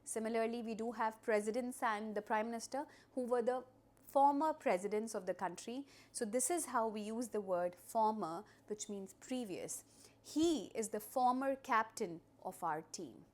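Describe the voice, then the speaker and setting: A woman teaching young students vocabulary in a recorded lesson, explaining slowly with repeated examples and drills. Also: fairly high pitch, darkish tone. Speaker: English teacher.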